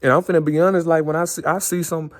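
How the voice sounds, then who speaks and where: A man's voice: a little high, flat delivery, quick pace. A man speaking in an earnest, impassioned monologue, circling back and repeating his phrases. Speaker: vlogger.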